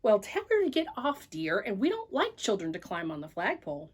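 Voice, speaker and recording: A woman voicing a stern, prim older librarian who speaks in a hushed, lower tone in a storybook. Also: huge pitch swings, a little fast, slightly rough.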